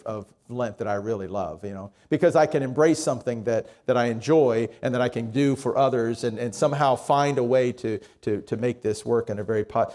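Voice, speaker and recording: Male pastor, slightly higher voice, easygoing sermon delivery with casual asides. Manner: conversational, lively storytelling with pauses.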